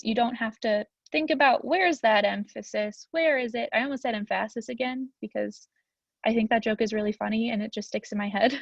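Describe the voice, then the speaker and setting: A woman's voice: a little high, no echo, lo-fi sound. A young woman teaching a Spanish grammar lesson in a chatty, upbeat way, with frequent ums.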